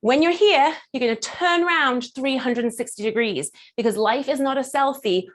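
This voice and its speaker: A playful, theatrical woman coach leads a lively workshop. Her voice sits a little high. She keeps acting out small characters and laughing between points. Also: fairly quick, hardly any pauses. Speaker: burlesque performer and confidence coach.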